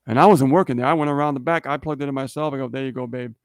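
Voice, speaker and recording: Animated storytelling man, slightly high voice. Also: very fast, no echo, studio quality. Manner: animated storyteller, keeps checking in with "okay?" and "right?". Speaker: livestream co-host. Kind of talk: casual motivational talk.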